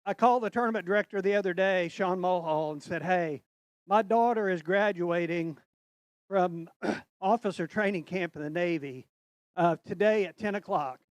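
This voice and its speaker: A man's voice: high-pitched, moderate pace, dry recording. Heartfelt middle-aged angler man. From Tennessee. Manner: heartfelt, earnest, slightly choked up. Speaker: tournament angler. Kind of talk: on-stage interview.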